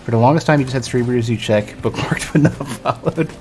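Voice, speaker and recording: A man's voice: mid-range voice, fairly quick, a little mellow, slight background noise. A man streaming a video game, chatting casually and rambling with many restarts. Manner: rambling, self-interrupting, lots of restarts. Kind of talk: casual gaming stream chat.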